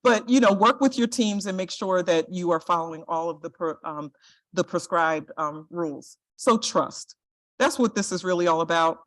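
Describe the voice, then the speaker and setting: A woman's voice: lowish voice, normal speed. A middle-aged woman giving a lecture presentation to health professionals, earnest and direct, often checking in with "right?". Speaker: guest speaker, compliance and privacy officer.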